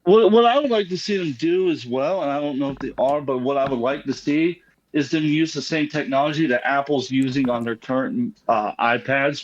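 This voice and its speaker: A man's voice: medium pitch, lo-fi sound. A man calling into a live stream, talking casually and hesitantly with many ums. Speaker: caller. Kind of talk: casual call-in chat.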